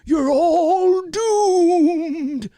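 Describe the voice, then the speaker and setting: A man voicing a shaky, ominous old male doomsayer with a high, trembling voice and slow, drawn-out warnings. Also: warm tone, no echo, faint music behind, full character voice.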